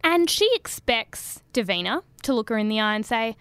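Wry, higher-voiced woman podcast co-host. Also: animated, moderate pace, few pauses, fairly bright tone, smooth, no room sound. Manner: wry, storytelling with acted quotes. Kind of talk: casual recap chat.

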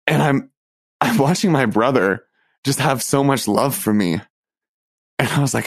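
A young man speaks earnestly and haltingly, stumbling over words and restarting as he recounts something personal. His voice sits at an ordinary middle pitch. The sound is dry and close, with no room around it. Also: no echo. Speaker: storyteller recounting his coming out. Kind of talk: personal storytelling interview.

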